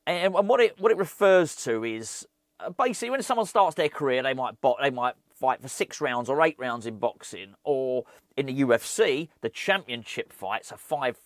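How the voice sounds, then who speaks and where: A man talking casually as a fan channel host, animated and ranting, often repeating words. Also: medium pitch, moderate pace, no room sound, clean studio sound. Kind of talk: casual football chat.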